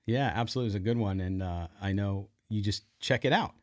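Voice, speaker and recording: A man's voice: lowish voice, quick pace, a little mellow, no echo, clean studio sound. A man hosting a sports podcast in casual talk, full of asides.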